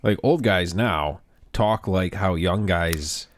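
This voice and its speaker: Deep-voiced, blunt male co-host. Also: slow, no room sound. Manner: blunt, swears freely. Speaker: podcast co-host and bar musician. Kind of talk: casual chat.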